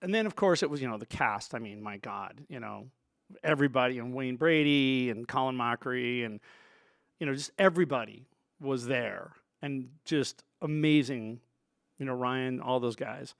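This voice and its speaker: Man, sound engineer, rambling storyteller, middle pitch, dry close sound. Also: moderate pace, vocal fry, dry recording. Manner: rambling, full of "you know" asides. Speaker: sound engineer, show guest. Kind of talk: storytelling in a conversation.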